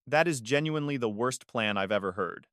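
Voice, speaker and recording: A man's voice: medium pitch, animated, a little fast, a bit bright, dry recording, studio quality, lightly acted. A man voicing a cautious, skeptical male friend in a told story, speaking in a slightly raised voice. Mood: incredulous.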